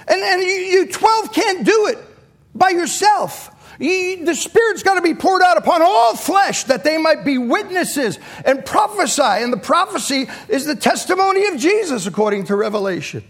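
A man's voice: very high-pitched, a bit bright. A middle-aged man preaching a sermon with passion, repeating words as he goes and acting out the quotes he tells. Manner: impassioned, repeats words, voices quotes dramatically.

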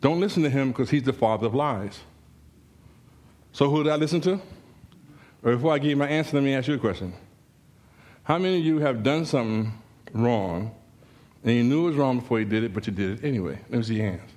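A man preaching a sermon in a church, telling a story with humor and rising, animated exclamations. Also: medium pitch, fast talker, pauses often.

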